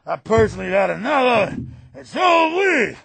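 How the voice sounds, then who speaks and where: A man doing a satirical impression of a sneering, domineering male president, shouting and ranting in a gravelly voice. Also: very high voice, very animated, a little fast, dry recording, exaggerated voice. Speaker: radio talk host. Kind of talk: satirical impression on talk radio.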